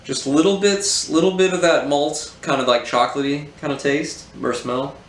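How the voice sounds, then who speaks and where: A man casually reviewing a beer, relaxed and hesitant with many ums. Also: fairly high pitch, moderate pace. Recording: roomy echo, faint hum.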